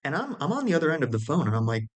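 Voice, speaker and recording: A man's voice: a little high, big pitch swings, racing. A man explaining communication in a casual, conversational way, often restarting phrases and checking in with listeners. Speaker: video host.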